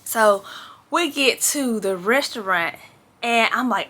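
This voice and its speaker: A young woman speaks straight to her camera in a bright, ringing voice pitched a little high. She retells a personal story casually and with flair, leaning on "like" and "baby" as she goes. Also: slow. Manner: animated, dramatic retelling with frequent "like" and "baby". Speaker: vlogger telling a story.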